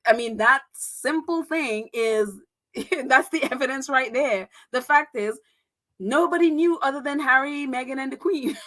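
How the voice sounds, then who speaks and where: An American woman hosts a casual livestream in a high, bright, forceful voice. She's chatty, laughing often and using lots of filler words.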